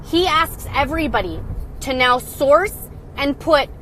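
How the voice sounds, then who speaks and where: A woman streaming live from her phone, fired up and angry, with a voice pitched a little high. She rants in a blunt, sarcastic way and swears freely. Faint traffic hums in the background. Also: animated, unhurried, fairly bright tone. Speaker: livestream host. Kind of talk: angry livestream rant.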